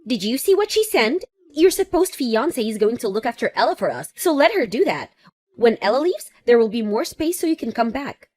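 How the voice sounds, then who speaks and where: Woman reading as selfish mother, mocking, smug, fairly high voice, story narration. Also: big pitch swings, brisk, darkish tone, no echo. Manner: mocking, self-satisfied. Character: cruel selfish divorced mother, vain and scornful. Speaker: ex-wife. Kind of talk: text-message story narration.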